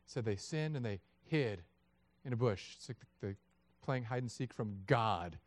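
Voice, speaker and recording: Pastor in his thirties delivering a sermon, mid-pitched and animated, dry close-miked sound. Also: measured pace, dry recording. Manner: animated, acts out voices of God and people.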